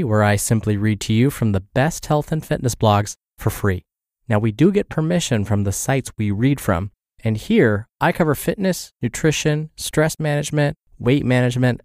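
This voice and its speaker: A man's voice: on the low side, darkish tone, dry recording, clean studio sound. Stuffed-up man reading health articles. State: stuffed up from the flu. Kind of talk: scripted reading of a health blog.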